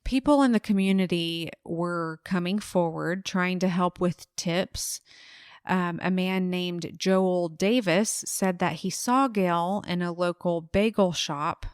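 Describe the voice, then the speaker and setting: A woman narrating a true-crime case on a casual podcast. She talks slowly in a fairly low voice and laughs easily. The sound is dry and close to the mic. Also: clean tone, dry recording. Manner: relaxed storyteller, laughs easily, acts out quotes briefly.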